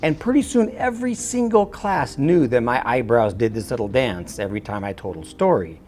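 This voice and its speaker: A middle-aged man, a high school teacher, telling a personal anecdote from his classroom in an animated, expressive way. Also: moderate pace, a little hiss or hum.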